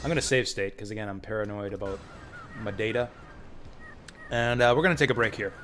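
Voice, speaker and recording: With faint game music behind him, a man streams an old role-playing game, chatting loosely and voicing the game's text with his own asides as casual let's-play commentary. His voice is medium-pitched and a bit bright, and there's a little hiss or hum on the recording.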